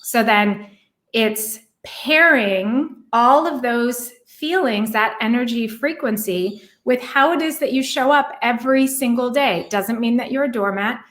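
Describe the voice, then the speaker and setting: A woman giving a relationship coaching talk, earnest and reflective, who asks many rhetorical questions and slows down to stress words. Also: a little high, a bit bright. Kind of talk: coaching monologue.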